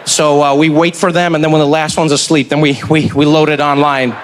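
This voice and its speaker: A man's voice: a little high, level tone, a little fast, slight background noise, pitched below the performer's own voice, close to an everyday voice. A jittery young male staffer, apologetic and stumbling over his words with lots of ums and repeats, as a man puts him on. He sounds sheepish, as if delivering bad news. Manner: stammering, full of fillers. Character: hesitant young male team member, nervous and apologetic.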